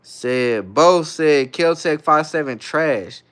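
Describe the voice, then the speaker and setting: A young man hosts a casual livestream, reading each viewer comment aloud and then answering it in easygoing slang. His voice sits a little high for a man and comes through smooth and clear. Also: expressive, slow pace, fairly bright tone. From San Francisco Bay Area, California. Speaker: livestream host.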